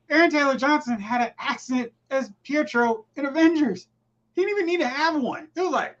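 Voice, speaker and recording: A man hosting a casual movie chat, joking and animated, with quick asides. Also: extremely high pitch, lo-fi sound. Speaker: podcast host.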